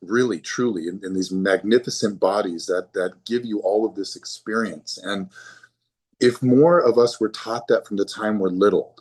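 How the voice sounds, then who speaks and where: Appearing as a doctor in a conversational interview, this man speaks at an ordinary pace in a lowish, somewhat dark voice. He is sincere, and he tends to repeat words as each thought gets going.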